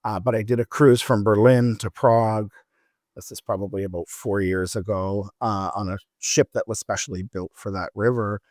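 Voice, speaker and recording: A man's voice: lowish voice, steady tone, normal speed, a little mellow, no echo, studio quality. A middle-aged man on a travel podcast, telling rambling anecdotes in casual chat with many restarts.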